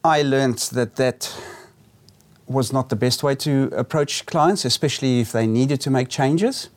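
A man who coaches business owners, speaking in a measured way with frequent pauses and restarts in a casual interview. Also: mid-range voice.

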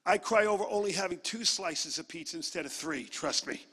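A man from Brooklyn, New York, preaching a sermon as a guest preacher, energetic and humorous. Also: sits high, a little fast, big-room sound, slight background noise.

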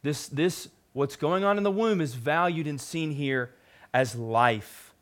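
A young male pastor giving a sermon in a loose, conversational way, full of fillers and quick asides. His voice sits a little high for a man. His delivery is lively. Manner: conversational, animated storytelling with frequent fillers.

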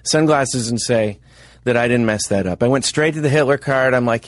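A man's voice: medium pitch, moderate pace, no echo. A man co-hosting a podcast, telling a rambling anecdote in casual chat. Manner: rambling anecdote with acted quotes. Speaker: podcast co-host. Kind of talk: casual comedic chat, storytelling.

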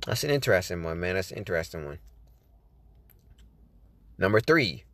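A man's voice: low-pitched, big pitch swings, normal speed, a bit bright, no room sound. A man hosting a podcast, talking casually about Bible study and often saying "you know what I'm saying.". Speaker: podcast host. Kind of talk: casual faith talk, reading tips.

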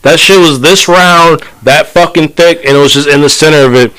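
Bright-voiced man telling crude stories. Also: fairly high pitch, normal speed, smooth, rough recording. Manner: profane, animated storyteller. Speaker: podcast co-host. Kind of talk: casual chat.

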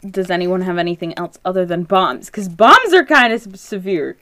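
A woman's voice: fairly low pitch, animated, moderate pace, sharp tone. Woman player at a tabletop game, joking around, playful. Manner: playful, jokey. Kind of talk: casual tabletop game chat.

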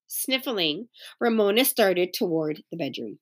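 A woman reading a children's chapter book aloud as a teacher, pausing to explain words to young listeners. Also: medium pitch, big pitch swings, slightly rough. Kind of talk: read-aloud storytelling with explanations.

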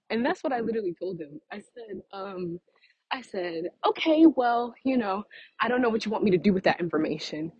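A woman's voice: medium pitch, expressive, fairly quick, a little mellow, slightly rough, dry recording, highs cut off. A young woman venting casually to her followers, chatty and exasperated, with laughing asides, a little out of breath from walking outdoors. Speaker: vlogger. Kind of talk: casual vent to camera.

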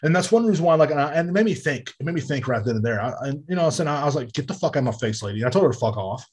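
A man's voice: on the high side, expressive, rapid-fire, a little mellow, husky. A man, hosting a podcast in a heated, profane solo rant. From Texas. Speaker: podcast host. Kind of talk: casual monologue.

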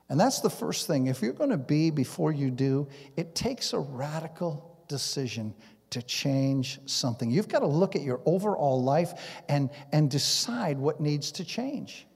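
A pastor preaching a sermon, acting out conversations and dropping to a hush at times, in a church sanctuary. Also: male voice, on the high side, measured pace, creaky, breathy edge. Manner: animated, acts out conversations, drops to a hush. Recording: long reverb in a big hall.

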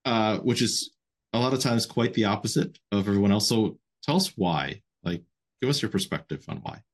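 A podcast host with a very deep voice who talks in a casual, conversational way. He stops to explain terms for the audience, then turns the floor back to his guest. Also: expressive, normal speed. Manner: explains things for listeners, prompts the guest. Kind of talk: casual interview.

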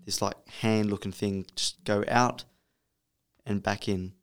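Smooth low-voiced man, hesitant. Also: fairly even intonation, unhurried. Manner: hesitant, repeats words. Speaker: podcast co-host. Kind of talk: casual chat.

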